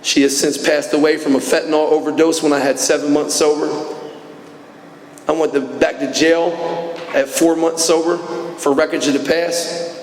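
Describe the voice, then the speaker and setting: A man's voice: on the high side, little pitch movement, normal speed, long pauses, slight background noise. A man in his forties giving an earnest, emotional personal testimony at a recovery meeting, recorded in a large hall. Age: 40s. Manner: earnest, emotional, rising to fervent. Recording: echoey hall recording from a distance.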